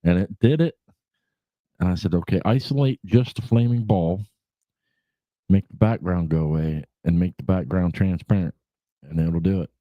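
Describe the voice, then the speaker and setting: Man, lowish voice, casual livestream host, rambling and profane, dry dull recording. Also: normal speed, pauses often, no room sound. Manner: rambling and laid-back, swears freely, fillers like "you know". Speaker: podcast host.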